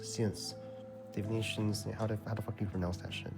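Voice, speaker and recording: A man giving casual gameplay commentary, loud and incredulous, swearing often. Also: fairly low pitch, very animated, quick pace. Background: game music.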